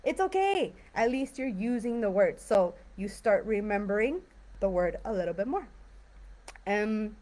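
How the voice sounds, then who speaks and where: A woman's voice: mid-range voice, animated, a little slow, mellow. A woman teaching an English vocabulary lesson on a livestream, chatty and encouraging with plenty of fillers. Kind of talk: live-streamed language lesson.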